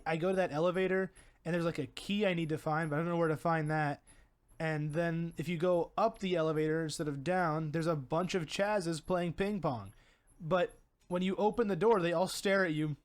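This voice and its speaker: Young male podcaster, higher-pitched, loose and rambling with restarts, chatty storyteller. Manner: rambling storyteller, stumbles and repeats words, laughs at own story. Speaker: podcast co-host. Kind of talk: casual chat.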